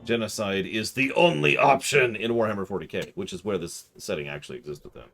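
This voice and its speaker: A man streaming a video game, joking with his chat in mock disbelief and getting excited. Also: fairly low pitch, fairly quick, vocal fry, soft background music. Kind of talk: casual live-stream commentary.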